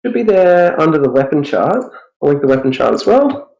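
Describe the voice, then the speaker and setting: A man's voice: a little high, sing-song, fairly quick, darkish tone, muffled recording. A man playing in a tabletop game, joking and offhand, swearing casually. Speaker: player.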